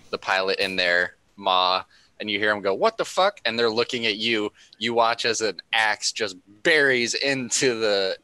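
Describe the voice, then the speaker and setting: A man's voice: lowish voice, sharp tone, smooth, poor audio. A man running a tabletop mech game as game master, narrating the action with frequent laughs. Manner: laughing often while describing action.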